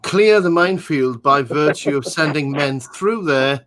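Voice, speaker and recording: A man's voice: a little high, lively intonation, measured pace, a bit bright, low-quality recording. A man hosting a live movie-watch commentary in a casual, jokey way, trailing off with fillers as he talks over the film.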